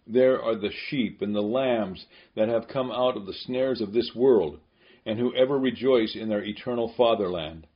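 A man giving a scripted devotional reading in a solemn, measured, prayerful way, on a dull lo-fi recording. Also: on the low side.

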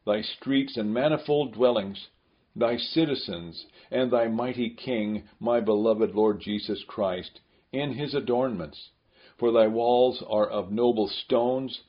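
Solemn man reading a devotional prayer. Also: medium pitch. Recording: dull lo-fi recording.

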